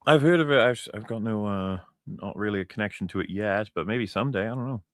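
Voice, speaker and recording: A man with a lowish voice chats casually as a talk show co-host, drifting into earnest, rambling asides. The sound is dry, with no room around it. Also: fast talker, no room sound. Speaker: podcast co-host. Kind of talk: casual chat.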